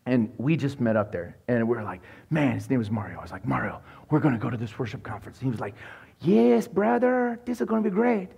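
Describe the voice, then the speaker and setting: A man's voice: lowish voice, quick pace, creaky, few pauses, breathy edge. A man preaching a sermon as pastor, telling jokey stories and acting out other people's voices. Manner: animated, joking storyteller, acts out voices.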